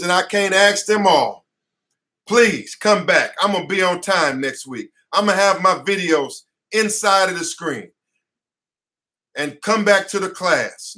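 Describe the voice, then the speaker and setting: A man delivers an impassioned class lecture from his office, his voice high and bright with a forceful edge. He preaches more than he explains, hammering his points home through repetition. He is sweating as he speaks. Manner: fiery, preacher-like, repeats phrases for emphasis. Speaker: attorney and teacher.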